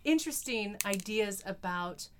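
A woman's voice: medium pitch, expressive, measured pace. A woman with an Australian accent, hosting a poetry podcast and speaking thoughtfully and enthusiastically. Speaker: podcast host. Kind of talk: casual conversation about poetry.

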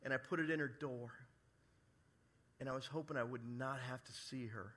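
A man's voice: medium pitch, steady tone, normal speed, fairly bright tone, a little hiss or hum. A middle-aged male pastor preaching a sermon to a church congregation, telling a story with jokey asides. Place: church service before a congregation.

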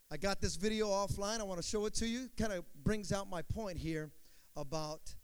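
High-voiced preaching man. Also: smooth. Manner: call-and-response preaching, drawn-out emphatic words. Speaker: pastor. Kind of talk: sermon.

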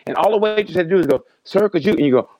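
A man chatting casually on a podcast, talking in an enthusiastic, halting way, repeating himself. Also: high-pitched, lively intonation, dark tone, no room sound, lo-fi sound. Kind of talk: casual chat.

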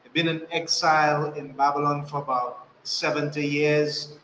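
Male host, bright sharp tone, hesitant questioner, roomy echo. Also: fairly high pitch, level tone, normal speed, a little hiss or hum. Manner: hesitant, uses fillers while asking questions. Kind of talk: interview questions.

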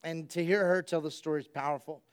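Male pastor preaching a sermon, high clear voice, hushed stretches rising to loud, excited passages. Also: quick pace.

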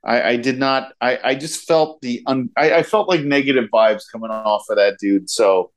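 A man co-hosting a casual wrestling podcast, talking in a rambling, halting way and laughing easily. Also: medium pitch. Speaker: podcast co-host. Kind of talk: casual chat.

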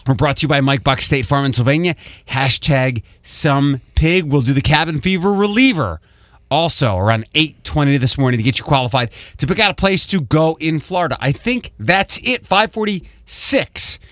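A man's voice: a little high, lively intonation, moderate pace, fairly bright tone, no room sound. A man hosting a morning radio show, reading the rundown and trading dry teasing banter with his co-host in a studio.

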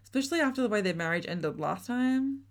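A woman's voice: fairly high pitch, animated, fast talker. A woman co-hosting a podcast, chatting casually and swearing as she recaps a reality show. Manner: chatty, swearing, laughing often. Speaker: podcast co-host.

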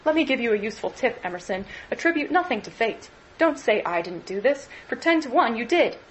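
A woman voicing a genial, talkative middle-aged male clergyman who gently lectures the young men. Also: a little high, big pitch swings, brisk, slight background noise, poor audio.

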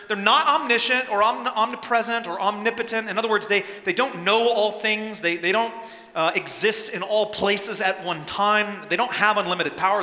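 Male pastor, sermon, bright and sharp tone, lively delivery with loud acted-out bursts, church hall reverb. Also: sits high. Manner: animated, acts out quotes with sudden loud bursts. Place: church sanctuary.

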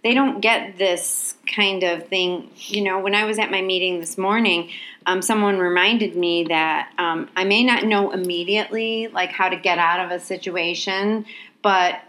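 Woman, podcast co-host, casual chat, halting, reflective, slightly low voice. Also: a bit bright.

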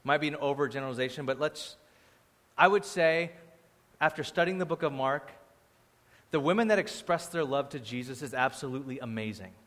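A man preaching a sermon as the pastor, animated, acting out quoted voices, moving between loud bursts and quiet asides. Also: medium pitch, fairly quick. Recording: long hall reverb.

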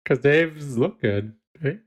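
A man's voice: on the high side, animated, slow pace, husky. A man co-hosting a podcast in casual chat, joking and laughing often. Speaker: podcast co-host.

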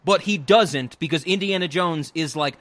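A man's voice: fairly high pitch, moderate pace, fairly bright tone, no room sound. A man co-hosting a podcast, chatting casually and animatedly about a movie, laughing and mimicking lines. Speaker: podcast co-host. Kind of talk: casual movie review chat.

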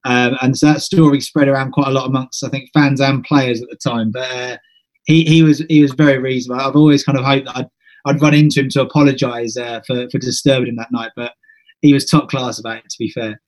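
A man's voice: medium pitch, fairly even intonation, fast. A man in his thirties hosting a podcast, telling stories in a chatty, self-deprecating way and laughing along as he goes. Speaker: podcast host. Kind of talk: casual storytelling chat.

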